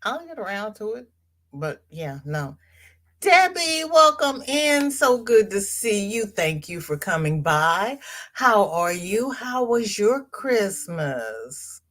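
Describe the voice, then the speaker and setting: An older woman hosts a crochet livestream, chatting casually in a mid-range, fairly bright voice that moves slowly with big swings in pitch. She reads viewer comments aloud, greets each viewer by name, and repeats phrases for emphasis.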